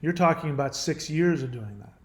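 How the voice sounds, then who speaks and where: A man with a slightly high voice recounts a painful personal experience. He speaks earnestly and haltingly, circling back and restarting his sentences as he goes. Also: lively intonation. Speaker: caller sharing a personal story. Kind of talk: emotional personal account.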